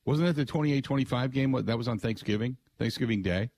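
Animated male sports radio host. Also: mid-range voice, fast, no room sound. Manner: excitable, mimics voices, frequent restarts.

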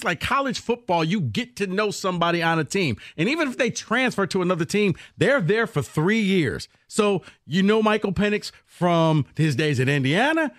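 A man's voice: sits high, no room sound, studio quality. A man co-hosting a sports podcast, chatting casually and poking fun at himself.

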